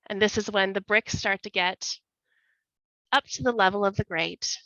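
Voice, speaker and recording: A woman narrating a scene in a tabletop game with slow, vivid, dramatic storytelling. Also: medium pitch, fairly even intonation, bright, forceful tone, no room sound. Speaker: player. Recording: dull lo-fi sound.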